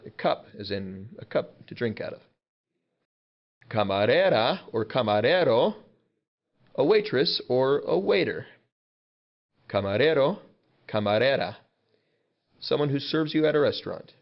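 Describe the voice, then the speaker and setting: A man's voice: on the low side, highs cut off. A man teaching a vocabulary lesson to young students, patient and casual, repeating each word and explaining it plainly. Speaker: Spanish teacher.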